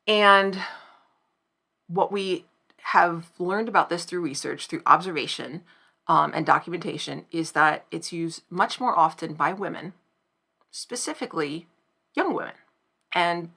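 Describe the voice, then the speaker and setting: A woman giving reflective commentary to camera, thoughtful and measured, pausing now and then to find the right words. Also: fairly low pitch, creaky, pushed and bright. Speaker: video essayist.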